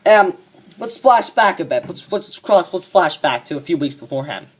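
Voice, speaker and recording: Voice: mid-range voice, expressive, normal speed, natural voice. A fan performer voicing a cocky young man who rants smugly and swears a lot about a coworker, in a comedic monologue. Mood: ranting. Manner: ranting, profane and smug.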